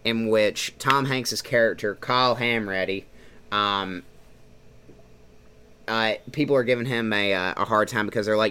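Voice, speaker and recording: Male podcast host, lowish voice, animated and rambling, casual film review. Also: normal speed, clear, resonant tone. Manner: animated, talks through with fillers. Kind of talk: casual movie review chat.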